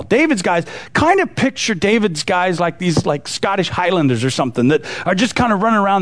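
A man teaching a Bible passage in a casual, conversational way, retelling the story with many fillers and restarts. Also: sits high.

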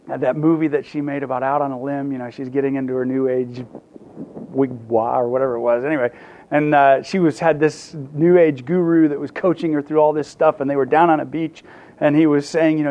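A man's voice: mid-range voice, brisk, highs cut off. A man preaching a sermon, telling stories with humor and often restarting his sentences. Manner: lively storytelling with humor and restarts. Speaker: pastor.

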